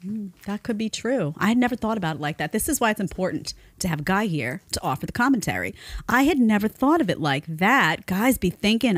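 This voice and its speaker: A woman in her thirties hosting a casual commentary show, chatty and animated, laughing often. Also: mid-range voice, a little fast, no echo, studio quality. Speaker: host.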